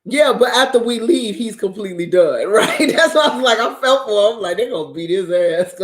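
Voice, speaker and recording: Lady telling a wild story, cussing and laughing, loud and lively. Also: fairly high pitch, brisk. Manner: profane, animated, laughs often. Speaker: channel host. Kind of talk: casual storytelling.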